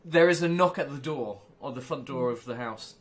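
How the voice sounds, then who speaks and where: A man running a tabletop roleplaying game, narrating in a relaxed, halting way full of fillers. His voice sits at a middling pitch. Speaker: game master.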